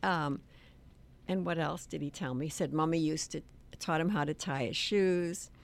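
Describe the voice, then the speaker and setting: Soft, gravelly older woman storyteller. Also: low-pitched, normal speed. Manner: hesitant, soft-spoken, restarts often. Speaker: author and guest. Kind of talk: storytelling interview.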